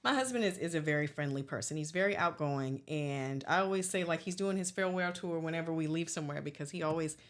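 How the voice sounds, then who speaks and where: A woman's voice: deep voice, fast, hardly any pauses. A woman hosting a podcast, chatting earnestly and calling her guest "girl". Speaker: podcast host; salon owner. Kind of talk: casual chat.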